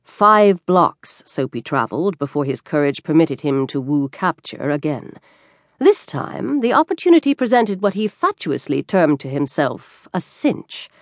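A woman narrating a classic short story as an audiobook, with expressive, lively storytelling. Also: deep voice, normal speed, dry recording, clean studio sound.

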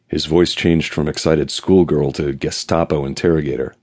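A male audiobook narrator with a very deep voice reads a first-person novel. His delivery is dry, wry and even, with a husky, slightly breathy texture. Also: normal speed, hardly any pauses.

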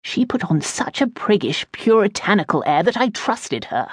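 A woman's voice: mid-range voice, sing-song, moderate pace, slightly rough, no echo, studio quality, pitched above the performer's own voice. A woman narrating an audiobook, voicing an irritable, prudish aristocratic father who talks in an exasperated, imperious way. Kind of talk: audiobook character voice.

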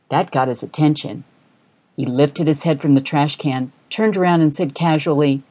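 A woman narrating a humorous short story for an audiobook in an even storytelling manner. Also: deep voice, normal speed. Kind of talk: scripted narration.

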